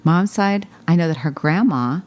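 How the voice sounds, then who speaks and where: A woman's voice: deep voice, animated, normal speed, darkish tone. A woman from New Jersey, a podcast guest, telling family stories in a rambling, dryly funny way, full of "like"s. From New Jersey, USA. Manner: rambling, dry humor, many "like"s. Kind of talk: casual storytelling chat.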